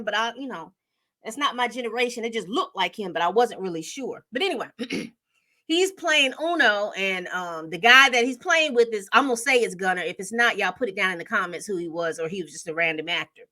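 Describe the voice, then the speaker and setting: A woman chatting casually through a TV episode recap, animated and full of fillers and self-corrections. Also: fairly high pitch, brisk. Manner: chatty, animated storytelling with acted-out quotes. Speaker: TV recap host.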